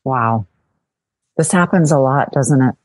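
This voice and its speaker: Woman interviewer, low pitch, supportive, close dry sound. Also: measured pace, a little mellow, no room sound. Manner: supportive, frequent short affirmations.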